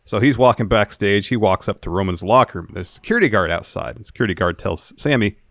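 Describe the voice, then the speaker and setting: Male co-host, lowish voice, steady recap delivery, dry close mic. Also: fast talker, dry recording. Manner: steady play-by-play retelling of segments. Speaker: wrestling podcast co-host. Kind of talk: casual show recap chat.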